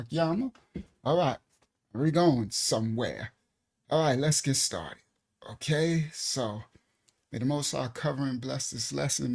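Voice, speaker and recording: A gravelly, darkish mid-range voice belongs to a man running a casual live-stream Bible lesson from a desk mic. His style is loose and chatty, with plenty of laughs and repeated "all right"s.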